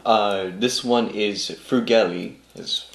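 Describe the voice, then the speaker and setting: A man co-hosting a casual snack taste test, giggly and quick to react with surprise. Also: on the low side, expressive. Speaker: co-host. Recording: echoey room.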